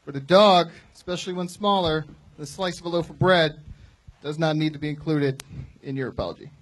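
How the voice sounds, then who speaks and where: A man's voice: a little high, brisk, fairly bright tone. A male stand-up comic telling a ranting, exasperated story at a live show. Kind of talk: stand-up set, then defending it. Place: live comedy venue.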